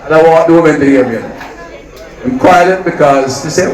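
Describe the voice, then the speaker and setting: A man's voice: a little high, moderate pace. Rousing Jamaican man at a rally. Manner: rousing, repetitive emphatic phrasing. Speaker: politician addressing party supporters. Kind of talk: political rally speech. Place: large rally venue. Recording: echoey, far from mic, crowd behind.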